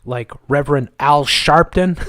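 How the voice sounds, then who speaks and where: A man's voice: on the high side, takes it slowly, a bit bright, no echo, clean studio sound. A man hosting a live stream, ranting in angry, sarcastic, repetitive bursts of commentary. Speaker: livestream host.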